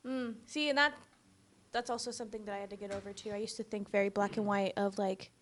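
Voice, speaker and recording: A woman's voice: medium pitch, fairly even intonation, fast talker, a little hiss or hum. A woman guesting on a podcast in casual chat, thoughtful and reflective.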